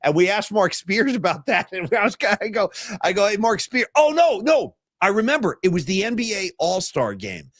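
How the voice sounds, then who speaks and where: A man in his fifties hosting a sports talk podcast, telling stories in a casual, animated way. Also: high voice, normal speed, few pauses, no echo, studio quality. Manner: animated storyteller, mimics guests. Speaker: podcast host.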